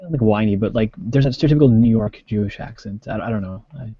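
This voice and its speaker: A man's voice: on the low side, quick pace, breathy edge, no echo, muffled recording. A man co-hosting a casual discussion on a video call, talking chattily with lots of "like" and fillers. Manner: chatty, filler-heavy, many likes. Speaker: co-host.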